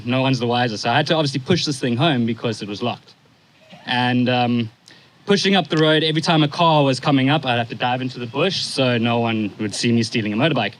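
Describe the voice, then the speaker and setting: Speaking at his stepfather's funeral, a man in his twenties shares a story in a relaxed yet faltering way, occasionally pausing to steady his emotions. He has a fairly bright, mid-range voice, and the audio quality is poor.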